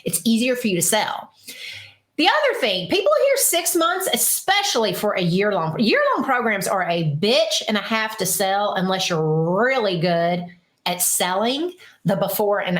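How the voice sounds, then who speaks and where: A frank, animated woman talks casually as a podcast host and coach. Her fairly high voice swings widely in pitch. The room around her gives a noticeable echo. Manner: frank and animated, swears casually, acts out clients' inner voices. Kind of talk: casual solo podcast talk.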